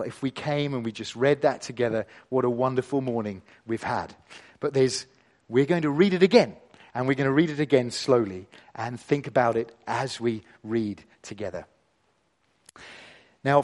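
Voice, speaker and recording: Male preacher, fairly high voice, expressive delivery that slows for emphasis. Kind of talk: sermon with scripture reading.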